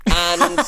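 A man's voice: very high-pitched, pushed and bright. A man co-hosting a podcast, chatting casually and ranting animatedly, swearing freely. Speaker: podcast co-host. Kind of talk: casual comedic chat.

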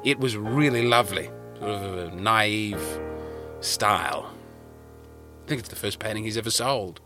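A man with an Australian accent, a comedian hosting his podcast, telling rambling stories with wry, animated asides from inside a parked car. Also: on the low side, measured pace, over music. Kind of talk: casual comic storytelling. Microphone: podcast mic in a car.

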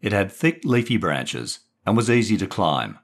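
A man narrating a children's story he wrote, with a lowish voice and a very lively, wide-ranging pitch. His storytelling is measured and expressive. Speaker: author and narrator. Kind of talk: reading a children's short story.

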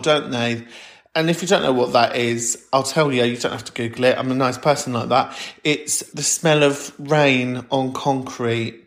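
A man's voice: mid-range voice, a bit bright. Camp, sardonic man. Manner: camp, sardonic, theatrical outbursts. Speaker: podcast host. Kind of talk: comedic solo podcast with listener calls.

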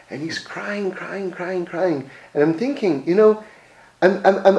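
A man giving a Torah class, telling stories in an animated way with frequent restarts and repeated words. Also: sits high, a little slow. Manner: animated storytelling with many restarts. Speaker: Torah teacher. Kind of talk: religious class, story-driven teaching. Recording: echoey room.

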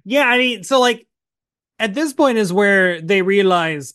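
A man's voice: sits high, lively intonation, a little slow, fairly bright tone, no echo, studio quality. A man co-hosting a podcast, chatting casually as he recaps a TV episode, full of "like" fillers and acted-out snippets of dialogue. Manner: chatty, many "like" fillers, acts out bits of dialogue. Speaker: podcast co-host.

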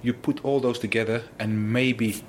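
A man, a former footballer, telling stories in an interview, animated and full of exclamations. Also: medium pitch, moderate pace, slight background noise. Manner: animated, exclaims often, restarts sentences. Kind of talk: casual interview storytelling.

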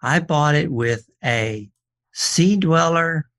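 This watch appraiser's voice is on the high side and slow. Guesting on a laid-back radio show, he tells animated stories, acting out and quoting the people in them, with frequent restarts.

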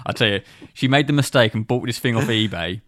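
A man's voice: medium pitch, quick pace, a bit bright, no echo, studio quality. A man from England co-hosting a casual podcast, telling rambling stories full of fillers and laughing at himself. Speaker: podcast co-host. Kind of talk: casual chat.

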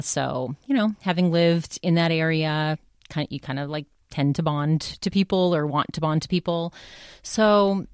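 A woman's voice: deep voice, smooth, no echo, clean studio sound. A woman hosting her own podcast, talking casually in a rambling, chatty way with frequent restarts. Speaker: podcast host. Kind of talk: casual solo podcast monologue.

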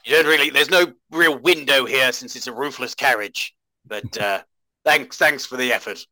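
Male player, bright forceful voice, playful, dry mic. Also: medium pitch, moderate pace, dry recording, poor audio. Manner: playful, joking. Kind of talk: playing a tabletop game in character.

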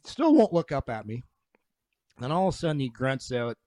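A man's voice: medium pitch, lively intonation, moderate pace, darkish tone, no echo. Ex-player broadcaster, man, rambling anecdotes with restarts, dry close sound. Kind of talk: casual chat, storytelling.

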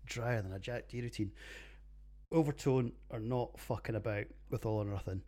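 A man's voice: mid-range voice, normal speed, mellow. A middle-aged Scottish man hosting a podcast, giving blunt, sweary, joking beer reviews in casual chat. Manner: sweary, jokey and blunt, rough pub banter. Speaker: podcast host reviewing beers. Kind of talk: casual solo podcast monologue.

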